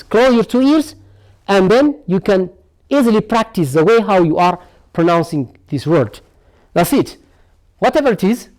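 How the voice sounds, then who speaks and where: A male English teacher with an Ethiopian accent giving a broadcast lesson, repeating words and answering his own questions. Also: sits high. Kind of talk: televised classroom lesson.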